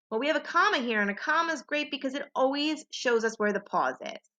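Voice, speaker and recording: A woman teacher giving a phonics lesson to young children, modeling sentences slowly and clearly with exaggerated expression. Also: a little high, animated, sharp tone.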